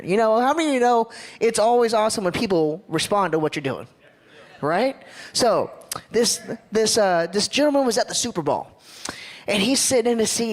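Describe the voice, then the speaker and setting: Upbeat Ohio man giving a church talk. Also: sits high. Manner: upbeat, joking, engages the audience. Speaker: church leadership speaker. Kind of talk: casual sermon talk.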